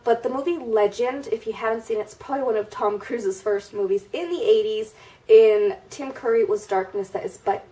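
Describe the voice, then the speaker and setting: Stuffy-nosed woman chatting at a distance. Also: on the high side. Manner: chatty, rambling with fillers and restarts. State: stuffy, nasal from a cold. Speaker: beauty vlogger. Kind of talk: casual get-ready-with-me chat.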